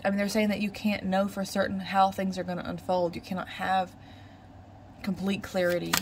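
A woman's voice: mid-range voice, monotone, moderate pace, a little hiss or hum, poor audio. A woman giving a casual tarot reading, musing aloud and repeating her questions to the cards. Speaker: tarot reader.

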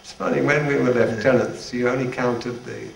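A man's voice: mid-range voice, fairly even intonation, moderate pace, vocal fry. An older man, a retired church leader, giving an informal, humorous devotional talk with chuckling asides to a band at practice. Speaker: retired Salvation Army general leading devotions. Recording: echoey, distant, noisy room recording.

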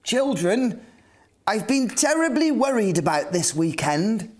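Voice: medium pitch, very animated, unhurried, a little mellow. A dithering old male bunny who frets over everything and says his worries twice, as a woman puts him on. The voice swings up and down a great deal in a children's storybook reading. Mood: anxious. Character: fretful old male rabbit camp leader.

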